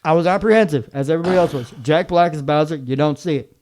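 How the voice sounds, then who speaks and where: A man's voice: on the high side, quick pace, a little mellow. A young man co-hosting a casual podcast, ranting with strong opinions about games. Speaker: podcast co-host.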